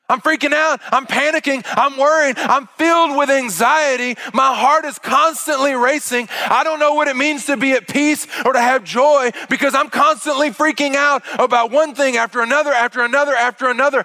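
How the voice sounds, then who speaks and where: A frantic, overwhelmed man blurts out worries in a high, rushed, shouting voice, as a preacher puts him on. The tone is sharp and bright. The voice rings through an echoey hall. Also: heavily acted.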